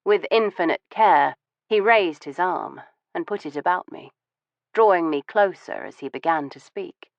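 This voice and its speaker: A woman narrating a first-person audiobook in a composed, measured way. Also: fairly low pitch, vocal fry, no room sound. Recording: dull, dry studio audio.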